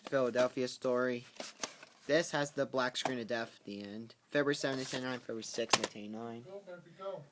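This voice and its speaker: A man casually going through his tape collection on camera, talking in halting bursts with ums and restarts. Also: mid-range voice, steady tone. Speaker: VHS tape collector vlogger. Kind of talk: casual spoken video commentary. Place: at home with a pet in the room. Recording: noisy home recording with clicks.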